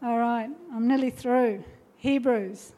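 A woman's voice: fairly high pitch, fairly even intonation, takes it slowly, dark tone. A woman preacher giving a sermon in a church, emphatic and urging, with repeated rhetorical questions.

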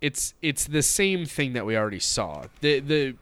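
A man's voice: mid-range voice, very animated, normal speed, fairly bright tone, clear, resonant tone. A man co-hosting a casual podcast, often restarting words and laughing at his own blunt jokes. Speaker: podcast co-host. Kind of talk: casual chat.

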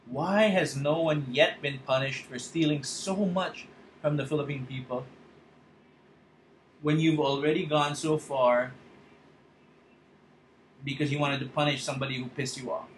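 A man's voice: on the high side, steady tone, a little slow, pauses often, slight background noise. Impassioned ranting man, echoey room. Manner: angry, impassioned, swearing. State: choked up, fighting tears. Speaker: podcast host. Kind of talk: political rant monologue.

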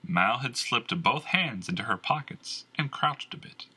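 Guy reading a fantasy audiobook, slow and husky, bright tone, lots of pitch movement. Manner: measured, expressive. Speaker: audiobook narrator. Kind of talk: scripted narration.

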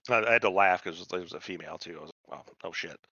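A man's voice: deep voice, rapid-fire, creaky, bright, forceful tone, dry recording, highs cut off. A man co-hosting a podcast, casually retelling a TV show with heavy swearing and quoted voices. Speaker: podcast co-host. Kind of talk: casual chat recapping a TV show.

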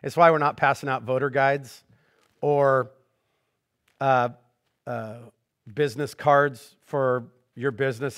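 A middle-aged man preaching a conversational sermon as pastor, joking and swinging between hushed earnest points and animated asides. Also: mid-range voice, unhurried.

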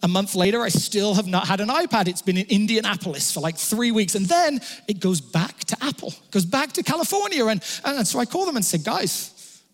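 High-voiced male pastor in a reverberant hall. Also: brisk, hardly any pauses. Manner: animated storytelling with stammered restarts. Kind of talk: sermon.

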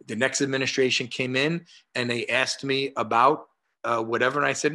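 A man in his sixties with a New York accent, speaking as a guest over a video call. His voice is bright and forceful. He tells stories with animation, acting out each side of a conversation between frequent "uh" fillers. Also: mid-range voice, brisk. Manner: animated, acts out dialogue, many "uh" fillers. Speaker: guest, martial arts historian. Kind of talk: conversational storytelling.

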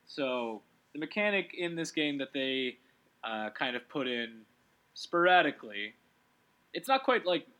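A man hosting casual gaming commentary in a fairly high, bright voice. His pitch bounces all over as he rambles, restarts his thoughts and breaks into giggles. The tone stays loose and easygoing throughout. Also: big pitch swings, measured pace. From Canada. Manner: rambling, self-correcting, giggly. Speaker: let's play host.

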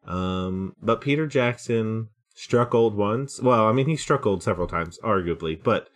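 A man's voice: lowish voice, a little slow. A man playing in a casual tabletop game, joking and chatting loosely. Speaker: player. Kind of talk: casual chat and in-character play.

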